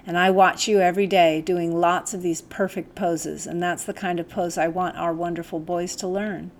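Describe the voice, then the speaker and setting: A woman narrating a first-person novel as an audiobook, in a calm, measured, gentle reading voice. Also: on the low side, a little hiss or hum.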